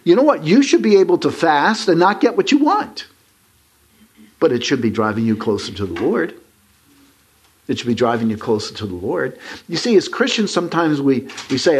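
A man's voice: a little high, big pitch swings, normal speed, slightly rough. A man preaching a sermon. He reads scripture aloud and keeps calling the congregation "folks" as he presses his points. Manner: emphatic, rising to stress points and addressing the congregation as folks.

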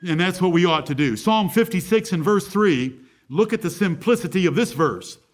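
A man with a high-pitched voice preaching a sermon. He speaks emphatically and presses his points with one rhetorical question after another. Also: lively intonation, moderate pace. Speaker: pastor.

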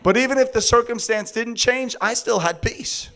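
A man preaching a sermon through a funny personal story, laughing often and acting out his own words in a high sing-song voice. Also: normal speed, fairly bright tone.

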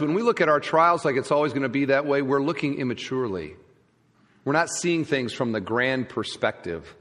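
Preaching as pastor in a church sanctuary, a man with a mid-range, fairly bright voice delivers an emphatic sermon full of rhetorical questions to the congregation. The recording carries long church hall reverb.

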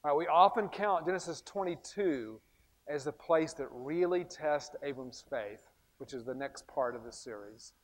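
Animated man teaching in a reverberant hall. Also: on the high side, moderate pace. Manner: animated, emphatic with frequent restarts. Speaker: bible teacher. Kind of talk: recorded teaching series.

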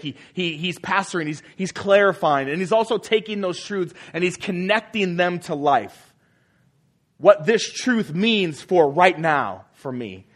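A man preaching a sermon as pastor, earnest and fond of repeating phrases for emphasis, letting his voice fall soft at the ends of sentences. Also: high voice.

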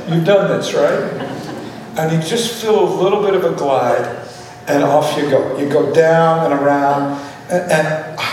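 A man preaching a sermon, telling a funny personal story with lots of laughter. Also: high voice. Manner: humorous storytelling, often laughing. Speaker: pastor. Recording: echoey hall from far off, with room noise.

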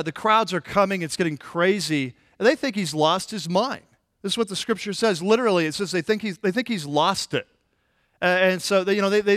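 A man's voice: high-pitched, a bit bright, no room sound, studio quality. A man preaching a conversational sermon as pastor, informal and emphatic, with many fillers and restarts.

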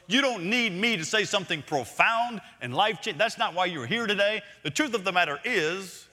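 A man preaching a sermon as senior pastor, emphatic and repeating key phrases, swinging between loud points and hushed lines. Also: high voice, expressive, fairly quick, few pauses. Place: church sanctuary. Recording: long reverb of a large hall.

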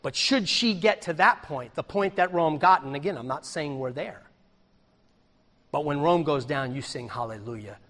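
A man preaching a sermon, swinging from shouted exclamations down to quiet, low asides. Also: lively intonation, moderate pace, in a large hall. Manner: preaching with big swings in loudness, shouting hallelujahs then dropping low. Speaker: pastor.

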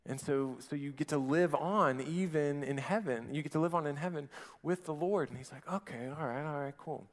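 A man in his thirties preaching a sermon in a relaxed, conversational way, often restarting his phrases and dropping in fillers. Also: a little high, moderate pace, big-room sound. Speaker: pastor.

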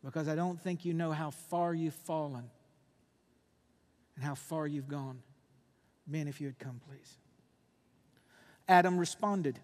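A man preaches in a reverberant church hall. His voice sits high for a man, and he swings between loud, fiery bursts and hushed, intense moments. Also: a little slow, long pauses. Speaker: pastor. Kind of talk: sermon.

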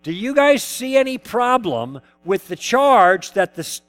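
A man's voice: very high voice, big pitch swings, a little slow, a bit bright. A man giving a lecture, telling stories of past conversations and putting questions to his audience. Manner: acts out both sides of past dialogues, poses questions to the audience. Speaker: lecturer teaching conversation tactics. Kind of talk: lecture told through personal anecdotes.

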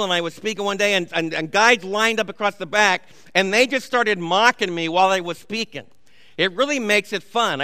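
A man's voice: high voice, pushed and bright, no room sound, big-room sound. A man, a pastor preaching a sermon in a church, telling stories conversationally with asides to the congregation. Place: church sanctuary.

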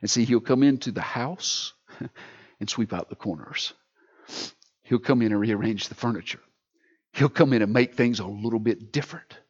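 A man preaching a sermon as pastor, swinging between loud emphatic lines and quiet near-whispered ones. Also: mid-range voice, moderate pace, pauses often, husky, muffled recording.

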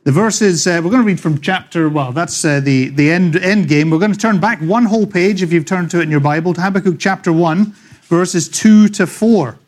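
A middle-aged man with a Scottish accent preaching a sermon, chatty and joking with the congregation, reading scripture slowly and loudly. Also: high voice. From Scotland. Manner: slows and swells when reading scripture. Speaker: pastor. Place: church.

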